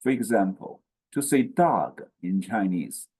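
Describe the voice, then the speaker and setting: A man teaching pronunciation slowly, saying each syllable and then repeating it. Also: low voice, big pitch swings, dark tone, husky. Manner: slow and deliberate, repeats each syllable twice. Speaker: language teacher. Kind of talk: slow pronunciation lesson.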